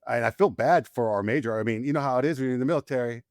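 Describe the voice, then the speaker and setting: Man, forties, veteran podcast guest, candid storyteller, ordinary middle pitch, dry close sound. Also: very fast, no echo. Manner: animated, rises in pitch when reliving tense moments. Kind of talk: candid storytelling in casual conversation.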